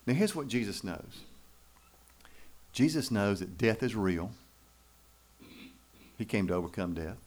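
A man's voice: fairly low pitch, animated, unhurried, long pauses, darkish tone. A man preaching a sermon in church, folksy and emphatic, with rhetorical questions to the congregation. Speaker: pastor.

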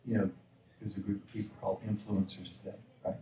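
In this sermon, a fast-talking man with a rather low voice enthusiastically acts out the dialogue of the story's figures in shifting voices. The recording catches him far from the mic, echoing in the room, with slight background noise.

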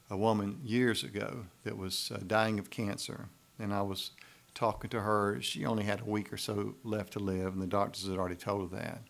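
A man's voice: on the low side, gravelly. A man preaching a sermon, speaking in a folksy, conversational way and often asking the congregation "right?". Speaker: pastor.

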